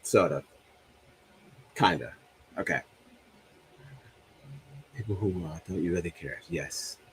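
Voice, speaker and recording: A man's low, slow, slightly bright voice comes through with a little hiss or hum as he hosts a livestream. He jokes loosely while reading comments from viewers and mutters to himself about a broken soundboard.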